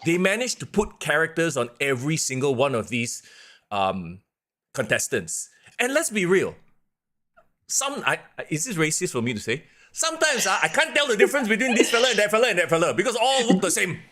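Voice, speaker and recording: Animated, chatty man. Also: high-pitched, brisk. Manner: animated, rambling, lots of fillers. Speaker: podcast co-host. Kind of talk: casual chat.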